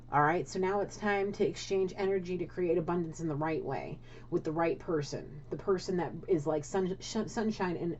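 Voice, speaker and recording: A woman's voice: fairly low pitch, dark tone, slight background noise. A woman giving a casual spiritual tarot reading, blunt and swearing, often checking in with "okay?". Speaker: tarot card reader. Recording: dull lo-fi audio.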